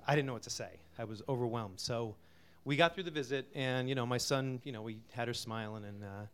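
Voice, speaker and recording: A middle-aged man from Connecticut introduces a song he wrote, talking softly and haltingly with many fillers. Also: medium pitch, clear, resonant tone. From Connecticut, USA. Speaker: singer-songwriter introducing a song. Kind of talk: casual spoken intro before a live song.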